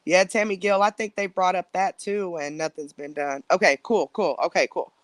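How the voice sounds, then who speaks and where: A woman's voice: lowish voice, steady tone, moderate pace, no echo. A woman hosting a casual live stream from home on her phone, rambling and chatting directly with her viewers. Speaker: livestream host.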